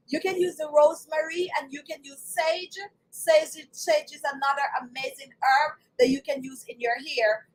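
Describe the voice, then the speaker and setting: A high-pitched woman hosts a live hair care stream and talks straight to her viewers. She is chatty and emphatic and keeps repeating her key points. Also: a bit bright, rough recording. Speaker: host of a live beauty stream.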